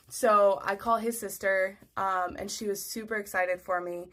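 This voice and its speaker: A woman's voice: mid-range voice, fairly even intonation, normal speed, pushed and bright. A young adult woman telling a story in a chatty, casual way, full of "like" and acting out what people said. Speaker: storyteller on social video.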